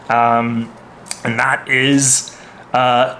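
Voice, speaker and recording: A man's voice: medium pitch, steady tone, drawn-out words, gravelly, a bit bright, a little hiss or hum. A man giving a casual vocabulary lesson, hesitant, with lots of ums and restarts. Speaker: language teacher.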